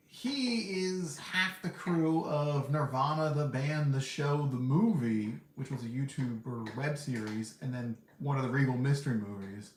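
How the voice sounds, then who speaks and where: A man hosting a podcast, giving casual, candid movie reviews in a rambling way and laughing often. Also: medium pitch. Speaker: podcast host reviewing films. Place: seated indoors. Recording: roomy echo, faint background hum.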